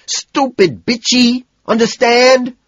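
A man voicing an arrogant young male yuppie who talks over people and erupts into shouting, in an audiobook reading. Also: mid-range voice, sing-song, measured pace, husky, no room sound, lo-fi sound, pitched above the performer's own voice, heavily acted.

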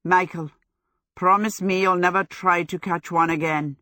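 A woman's voice: lowish voice, fairly even intonation, a little slow, pushed and bright, no room sound, studio quality. A woman voicing a vain, theatrical young male wizard in an audiobook, speaking with dramatic exasperation. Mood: exasperated.

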